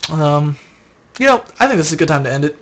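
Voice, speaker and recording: A man's voice: on the high side, big pitch swings, fast, fairly bright tone. Tired young man rambling on a stream. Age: young adult. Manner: rambling, casual, answers viewer questions aloud. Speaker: live streamer answering chat. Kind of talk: late-night live stream chat.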